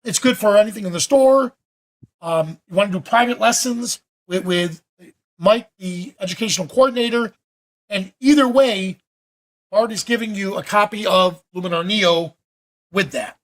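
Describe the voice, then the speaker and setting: A man teaching photo editing during a live video-call session, talking in a chatty, animated way with frequent restarts. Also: sits high, moderate pace. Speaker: photography workshop instructor. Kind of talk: live online Q&A demo.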